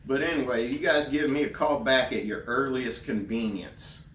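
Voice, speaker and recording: A man playing a naive, earnest grown man who rambles slowly through a voicemail in deadpan comedy, recorded at a distance in a roomy space. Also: mid-range voice, a little hiss or hum, natural voice. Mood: earnest rambling. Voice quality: rambling, meandering, slow and earnest. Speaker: comedy character leaving a voicemail. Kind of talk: deadpan character comedy monologue. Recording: roomy, distant mic, faint ambience.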